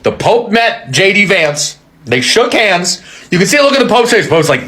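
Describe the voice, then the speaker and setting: A man with a high, lively voice rants for comedy, jumping between exaggerated bits. His tone is bright and sharp, and his pitch swings a lot. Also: moderate pace. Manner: animated, exaggerated storytelling. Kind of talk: comedic rant.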